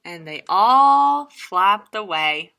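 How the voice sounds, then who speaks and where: A children's librarian reading a picture book aloud, playful and animated, with laughing asides. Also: female voice, mid-range voice, drawn-out words, smooth.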